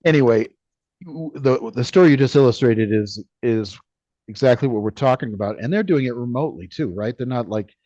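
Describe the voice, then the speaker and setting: A man co-hosting a business podcast, talking casually and haltingly, often restarting his sentences. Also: mid-range voice, expressive, mellow, no echo. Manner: halting, many restarts and fillers. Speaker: podcast co-host. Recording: slightly dull lo-fi sound.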